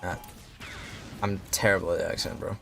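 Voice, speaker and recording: A man's voice: deep voice, level tone, normal speed, vocal fry, fairly bright tone. A young man casually commentating on a game he plays, ranting and swearing often. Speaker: streamer. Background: faint background music.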